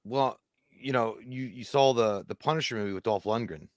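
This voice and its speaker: A man's voice: mid-range voice, moderate pace, dry recording, clean studio sound. A man in his thirties co-hosting a casual live movie chat, rambling through profane stories. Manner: rambling, profane anecdotes with laughs and restarts. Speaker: co-host of a live movie talk show.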